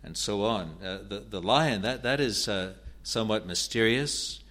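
A man teaching through Bible verses in a halting way, often restarting and repeating words, and reading scripture passages aloud with rising emphasis. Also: on the low side, animated, fairly bright tone.

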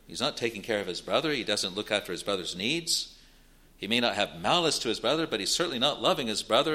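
A man preaching a sermon in a measured, deliberate way, reading out old-style scripture verses and explaining them. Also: fairly low pitch, sharp tone.

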